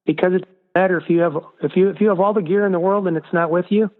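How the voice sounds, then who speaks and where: A man's voice: high-pitched, fairly even intonation, rapid-fire. A man, a guest author, talking earnestly and emphatically in a casual interview. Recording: distant echoey phone line.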